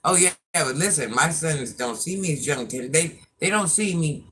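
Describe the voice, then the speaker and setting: A woman's voice: low-pitched, lively intonation, normal speed, fairly bright tone, a little hiss or hum. A woman in her fifties hosting a casual livestream chat, a chatty storyteller who laughs at herself as she talks to her viewers. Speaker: livestream host.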